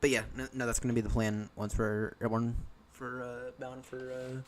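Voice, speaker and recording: A man's voice: mid-range voice, flat delivery, normal speed, slight background noise. A young American man chatting casually while streaming a flight simulator, rambling and often correcting himself. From United States. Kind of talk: casual live-stream chat.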